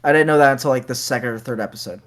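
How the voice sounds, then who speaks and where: A man's voice: mid-range voice, very fast, fairly bright tone. A male podcast co-host chatting casually about a video game with chatty, self-deprecating asides. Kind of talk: casual game review chat.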